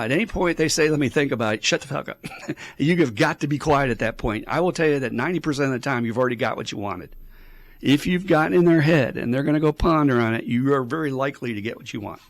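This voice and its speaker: A man's voice: mid-range voice, gravelly. A man talking as an addiction counselor in a casual podcast, with a blunt, profane coaching manner. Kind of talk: casual advice podcast talk.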